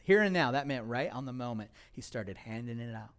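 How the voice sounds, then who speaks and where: A male pastor preaching a sermon, asking rhetorical questions and reading scripture, moving between loud emphatic passages and quiet, low stretches. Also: animated, brisk, few pauses.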